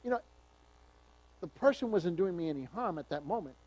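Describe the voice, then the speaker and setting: A man's voice: high voice, expressive, fairly quick, darkish tone, rough recording. A man pastor teaching the Bible verse by verse in a conversational, emphatic way, telling personal stories.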